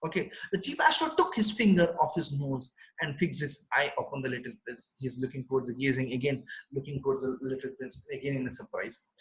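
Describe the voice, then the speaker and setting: A man teaching, reading a story line by line and explaining it in simple English, with an animated delivery. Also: mid-range voice, fairly quick, reverberant, poor audio. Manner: animated, reads text aloud then explains in simple English. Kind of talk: line-by-line literature lesson.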